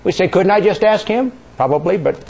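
A male preacher giving a sermon, questioning the congregation and drawing answers, dropping soft and low on key words. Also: expressive, brisk, creaky, muffled recording.

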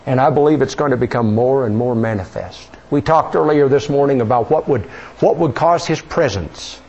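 A man's voice: mid-range voice, a little mellow, highs cut off, slight background noise. A male pastor preaching a sermon in a church, conversational, with many rhetorical questions. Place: church sanctuary.

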